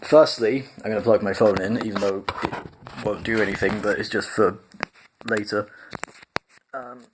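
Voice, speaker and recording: A man's voice: on the low side, sing-song, moderate pace, gravelly, long pauses, noisy background. Chatty man reading aloud. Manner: rambling, chatty, with fillers. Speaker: storyteller, channel host. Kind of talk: casual book reading and chat.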